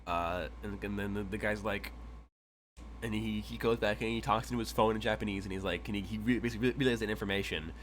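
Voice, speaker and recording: Low-voiced male game master. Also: fairly even intonation, quick pace, a little hiss or hum. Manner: rambling, stammering retelling with quoted characters. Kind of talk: narrating a tabletop game.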